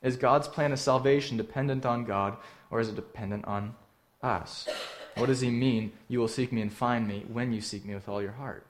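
A man preaching a sermon, earnest and direct, asking the listeners questions and swinging between emphatic lines and hushed ones. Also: mid-range voice, steady tone, normal speed, a little hiss or hum. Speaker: pastor.

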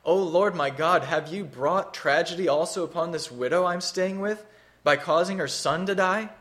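A man's voice: fairly high pitch, unhurried, fairly bright tone. A man voicing a desperate male prophet crying out to God, his voice fervent and raised.

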